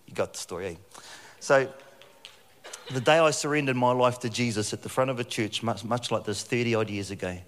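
Jokey New preacher in echoey hall. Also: male voice, on the low side. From New Zealand. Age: middle-aged. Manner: jokey, animated storytelling with frequent laughs. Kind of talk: sermon. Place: church hall. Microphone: handheld mic.

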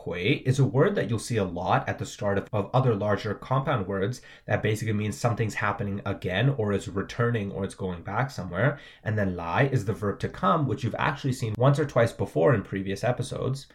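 A man's voice: on the low side, brisk, hardly any pauses. A man teaching words and tones, explaining patiently and checking in with "right?". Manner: patient, repeats "right?" often. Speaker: language teacher.

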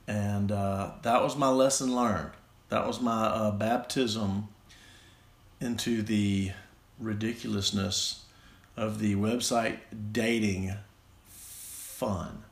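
A Southern American man tells a personal story in a halting, self-deprecating ramble full of restarts. His delivery is slow and unhurried, and his voice sits at an ordinary middle pitch. The room around him gives back a noticeable echo.

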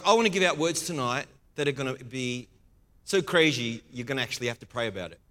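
A man with an Australian accent preaching as a guest pastor, playful and excitable, often laughing. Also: fairly high pitch. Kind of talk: lively sermon. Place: church hall. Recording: long hall reverb.

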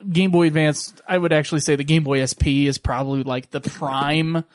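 A man's voice: fairly high pitch, fairly even intonation, fairly quick, no echo, clean studio sound. A young man co-hosting a gaming podcast, joking and swearing in casual chat. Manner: joking, swears a lot, laughs often. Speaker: podcast co-host.

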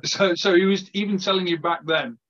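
A man's voice: sits high, a bit bright. Hesitant podcast host man, muffled audio. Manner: hesitant, measured questioning. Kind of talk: interview questions.

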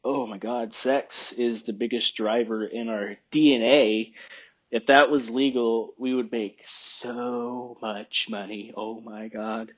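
A man's voice: mid-range voice, fairly even intonation, slow pace, slightly rough, highs cut off. A man in a casual opinion monologue, rambling and thinking aloud, often questioning himself.

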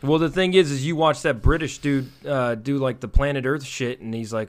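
A man's voice: medium pitch, slight background noise. An American man in casual chat with friends, teasing them and reading facts aloud. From United States. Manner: teasing, quick to look things up and read them aloud.

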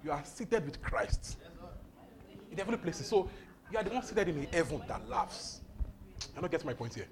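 Exuberant male preacher, high and animated delivery, laughs through his lines, faint room noise. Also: normal speed, long pauses, a crowd in the background. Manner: exuberant, laughing often, repeating phrases. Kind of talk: charismatic sermon.

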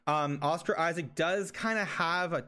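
Male podcast co-host, talkative and laugh-prone, pitched a bit high. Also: normal speed, sharp tone. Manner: chatty, laughs often, talks in long runs. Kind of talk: casual chat.

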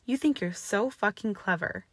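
A woman's voice: medium pitch, moderate pace, breathy edge, no room sound, voice pushed up, close to an everyday voice. A woman voicing a tall, arrogant young man who sneers and growls his lines. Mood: sneering. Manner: growling, snarling.

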